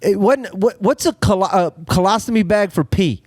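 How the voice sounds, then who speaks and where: A man's voice: high voice, a little fast, a little mellow, dry recording, clean studio sound. A man co-hosting a podcast in casual chat, reacting with laughs and vivid asides. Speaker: podcast co-host.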